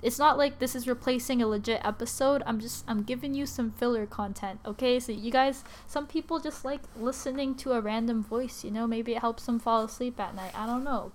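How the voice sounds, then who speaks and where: A woman's voice: fairly high pitch, slight background noise. A tired young woman hosting a casual solo podcast, rambling with many fillers and restarts, apologizing and laughing at herself. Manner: rambling, lots of likes and restarts, quick to apologize. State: sleepy and tired. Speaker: podcast host.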